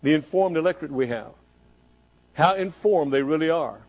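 A man's voice: a little high, expressive, normal speed, a little mellow, low-quality recording. A man preaching a fervent sermon, pressing the listeners with repeated rhetorical questions.

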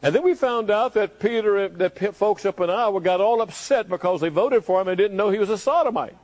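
Fervent preacher, slightly high voice. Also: male voice, fairly quick, a little mellow, poor audio. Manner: fervent, with repeated rhetorical questions. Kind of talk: sermon.

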